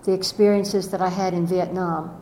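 An older woman telling a reflective spiritual story slowly and gently, her voice often trailing off softly. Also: flat delivery. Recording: echoey room with faint rumble.

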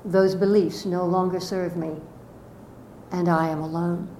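An older woman telling a reflective spiritual story slowly and gently, her voice often trailing off softly. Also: flat delivery. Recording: echoey room with faint rumble.

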